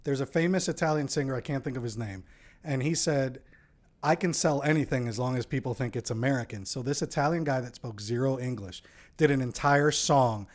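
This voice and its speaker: A man's voice: mid-range voice, fairly quick. A man from Puerto Rico, a podcast guest, chatting casually in a teasing, wry way. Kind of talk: casual chat.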